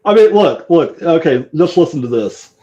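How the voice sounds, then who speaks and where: Podcast guest, man, slightly raised pitch, laid-back, casual swearing. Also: lively intonation, moderate pace, mellow, breathy edge, dull audio.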